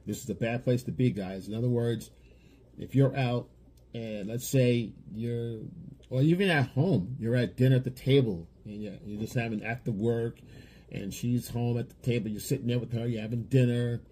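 A man's voice: medium pitch, moderate pace, dark tone, a little hiss or hum. A man giving blunt dating advice in a lecturing monologue, often repeating himself. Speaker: dating coach.

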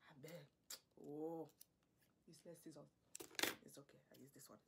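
Lady putting on a low-voiced african dad, fussy and pleading, whispered role-play, hissy mic. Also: steady tone, moderate pace, gravelly. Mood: coaxing. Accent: African English impression. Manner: coaxing, pleading, fussing over the listener. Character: fussy, doting middle-aged African father.

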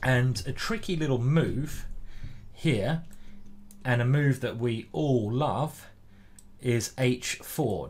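A man from England commenting casually on his own chess game as he plays live, chatting to viewers and reading out their messages. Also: medium pitch. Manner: chatty, reads viewer chat aloud. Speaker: chess streamer. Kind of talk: live-stream commentary while playing.

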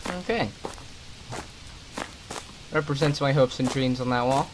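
A man's voice: medium pitch, slight background noise, rough recording. Sweary, irritated young man gaming. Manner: swearing, irritated, sarcastic asides. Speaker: gaming commentator. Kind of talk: let's play commentary.

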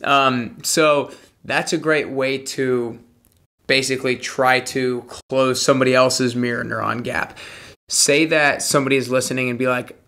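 Bright-voiced male podcast host. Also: medium pitch, steady tone, measured pace. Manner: conversational, uses "like" often. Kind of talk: casual interview.

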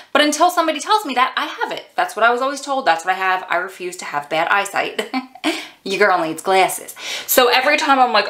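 A woman telling a storytime vlog in a chatty, animated way, talking straight to her viewers. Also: fairly high pitch. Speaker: vlogger, prison wife.

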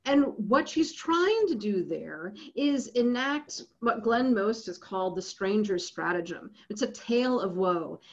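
Woman lecturer, animated delivery with constant check-ins, a bit high-pitched, muffled lo-fi recording. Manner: lively, checks in with frequent "right?". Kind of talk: academic lecture.

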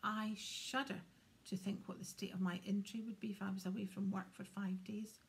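A woman's voice: mid-range voice, level tone, moderate pace, gravelly, lightly acted. A woman whispering a sanctimonious, pompous young wizard official in a whispered role-play storybook reading.

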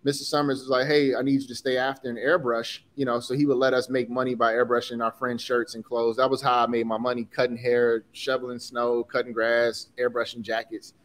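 A man's voice: mid-range voice, flat delivery, a little fast, few pauses, a bit bright. A man in his forties from Chicago, telling personal stories in an interview with earnest feeling and casual slang. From Chicago, USA. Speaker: guest, designer and entrepreneur. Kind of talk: candid interview talk.

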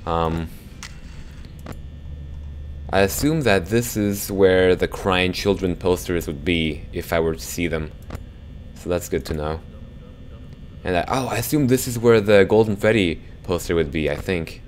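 A young man commentating a horror game for his viewers, jumpy and quick to swear when startled, talking to the audience as he plays. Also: low-pitched, slight background noise. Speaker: gaming YouTuber.

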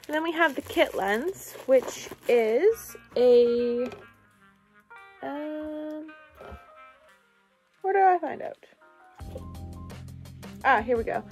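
Young woman, vlogger, gushing and excited, slow-paced, faint music behind. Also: high-pitched. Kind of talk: casual unboxing vlog.

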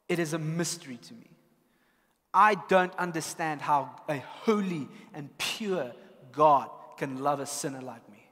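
Earnest South African pastor, reverberant church. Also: male voice, a little high, fairly bright tone. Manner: earnest, personal, candid. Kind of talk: sermon.

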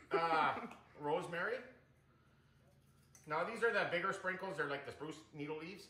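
A man's voice: a little high, normal speed. A man hosting a casual cooking demonstration in his home kitchen, chatting away and calling his viewers "you guys". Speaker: cooking show host. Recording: echoey kitchen with loud frying sizzle.

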